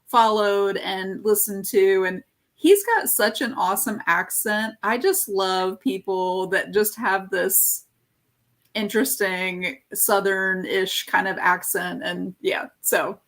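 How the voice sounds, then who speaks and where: A woman's voice: mid-range voice, takes it slowly, fairly bright tone. Rambling woman hosting a live stream. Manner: rambling, easily sidetracked. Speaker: host, art course teacher. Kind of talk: casual live-stream interview.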